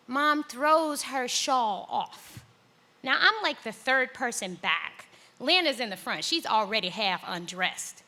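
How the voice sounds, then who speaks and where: Bright, animated woman telling a story. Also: moderate pace. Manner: animated, acts out voices with big pitch jumps. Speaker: storyteller reading a personal essay on stage. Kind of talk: live storytelling performance. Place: large hall on stage.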